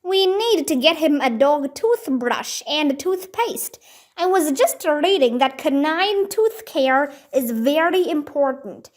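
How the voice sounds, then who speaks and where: A woman's voice: high voice, animated, slow pace. A woman voicing a sensible, cautious young boy who speaks in a level, matter-of-fact way.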